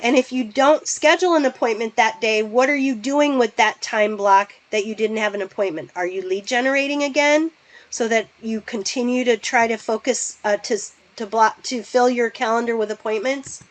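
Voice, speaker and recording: A woman with a somewhat high voice teaches a webinar for real estate agents. She fires off direct questions at her listeners and works through the numbers one step at a time. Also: moderate pace, rough recording. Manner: direct, asks the audience a string of questions. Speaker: real estate business coach. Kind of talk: webinar presentation.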